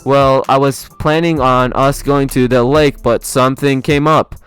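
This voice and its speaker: A loud, bouncy young man full of cheer, always calling out, as a man puts him on. The voice sits a little higher than the reader's own, smooth and clear. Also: fairly even intonation, unhurried, faint music behind, lightly acted. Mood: cheerful.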